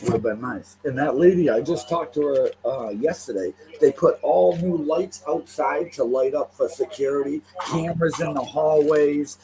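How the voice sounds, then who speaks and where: A man's voice: a little high, moderate pace, few pauses, background noise. Fired-up, foul-mouthed older New man. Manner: swears constantly, heated and animated. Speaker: vlogger. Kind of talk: profane storytelling rant. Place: at home by his window.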